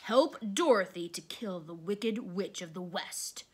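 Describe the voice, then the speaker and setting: A woman voicing a huge male beast-wizard who speaks slowly in a booming roar. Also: animated, husky. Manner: slow, booming, roaring.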